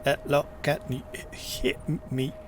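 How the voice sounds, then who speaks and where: A man acting as game master for a tabletop game, talking over an online call. His narration is loose and unhurried, full of ums and uhs as he paints the scene. His pitch sits in an ordinary middle range. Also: slight background noise. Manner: relaxed, unhurried narration with frequent fillers.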